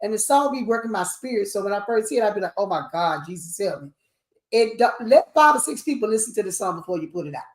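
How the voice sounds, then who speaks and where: A woman, an award show CEO talking shop in a lively, preachy way. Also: a little high, fast talker, hardly any pauses. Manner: animated, preachy, sings snippets. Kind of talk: casual panel chat. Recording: echoey room.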